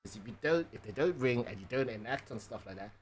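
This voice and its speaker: A man's voice: mid-range voice, lively intonation, quick pace. A man talks casually to his stream viewers at a desk microphone, rambling along with fillers and tag questions. He swears freely and keeps checking that chat is following. Faint music sits under his voice. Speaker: live streamer.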